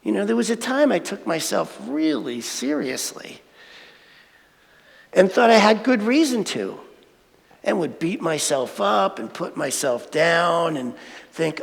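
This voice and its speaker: A man in his sixties giving a sermon-style talk with animated, self-mocking storytelling. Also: high voice, unhurried, creaky. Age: 60s. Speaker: speaker at a spiritual centre. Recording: hall reverb.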